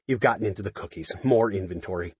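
Guy doing a fussy robot cook, stiff and by-the-book, husky storybook read. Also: on the low side, fast talker, no room sound, dull audio. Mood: officious. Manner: stiff, bureaucratic, pedantic.

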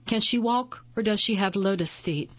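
A woman's voice: medium pitch, moderate pace, dry recording, dull audio, voice pushed up, lightly acted. A woman voicing a proud, defiant imprisoned witch who answers with cold, cutting retorts, in a storybook reading. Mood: scornful.

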